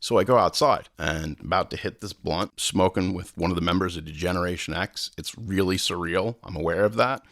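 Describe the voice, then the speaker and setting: A man's voice: brisk, few pauses, no echo, clean studio sound. A man hosting a podcast, telling a long casual story with swearing and acted-out quotes. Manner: animated, swearing, acts out quotes with big pitch jumps. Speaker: podcast host.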